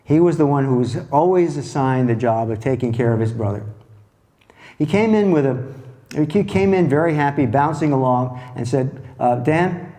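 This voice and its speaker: A man with a warm, mellow tone lectures as a therapist and walks his listeners through a clinical case. He speaks reflectively and haltingly, often restarting his sentences. His pitch sits in an ordinary middle range for a man. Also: expressive.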